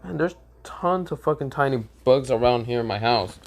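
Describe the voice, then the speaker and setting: A man's voice: medium pitch, lively intonation, moderate pace. Man, casual fan-story narration, rambling, profane, self-correcting, recorded at home.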